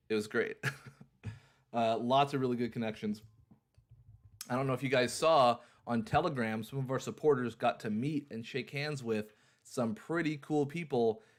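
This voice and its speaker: A young man hosting a livestream in a casual, upbeat way, repeating his phrases like an auctioneer. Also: mid-range voice. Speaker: livestream host.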